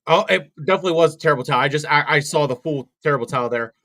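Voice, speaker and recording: A man's voice: on the high side, racing, a bit bright. A young man co-hosting a wrestling watch-along stream, rambling through live commentary with many fillers and restarts.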